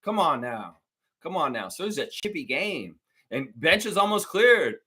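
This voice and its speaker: A man hosting a live sports reaction show, profane and ranting, swinging between muttering and shouting. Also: a little high, sing-song, normal speed, husky. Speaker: sports fan show host.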